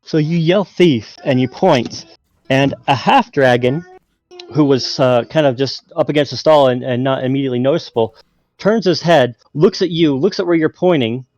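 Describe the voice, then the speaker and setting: A man's voice: mid-range voice, a little mellow, no room sound. A man narrating a tabletop game as game master, in a hesitant way with many fillers.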